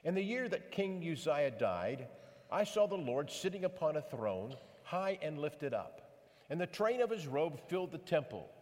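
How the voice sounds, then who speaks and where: A man preaching a sermon and reading scripture, emphatic, building intensity with dramatic pauses. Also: on the high side, big pitch swings, darkish tone. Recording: long hall reverb.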